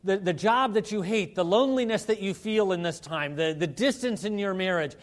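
A man preaching a sermon as pastor, in a conversational style full of asides, moving between hushed and emphatic delivery. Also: high voice, brisk.

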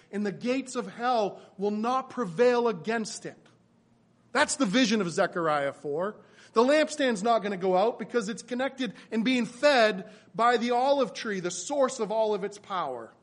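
A man preaching a sermon, earnest and emphatic, often repeating his phrases for weight. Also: sits high. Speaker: pastor.

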